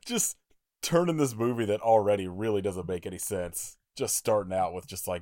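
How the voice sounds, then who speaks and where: A man chatting about horror films on a podcast. His voice is on the low side and recorded dry and close. He talks with loose, profane enthusiasm. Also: normal speed, a little mellow, dry recording. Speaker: podcast guest. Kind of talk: casual film chat.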